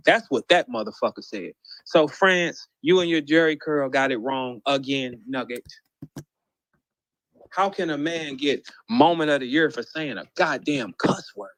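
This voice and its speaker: A man's voice: medium pitch, dry recording. Profane ranting man, dry close sound. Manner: profane, incredulous, mocking, shouts quoted lines. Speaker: battle rap commentator. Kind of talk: heated ranting monologue.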